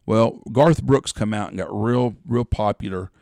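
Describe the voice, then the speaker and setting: Gravelly low-voiced man telling stories. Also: a little slow, a little mellow, dry recording, clean studio sound. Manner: rambling, profane storyteller who acts out quotes. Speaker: podcast co-host, hunting guide. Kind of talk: casual storytelling chat.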